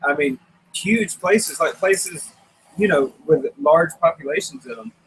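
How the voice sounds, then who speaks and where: Halting man with faint background noise. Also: on the high side, expressive, low-quality recording. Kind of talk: casual chat.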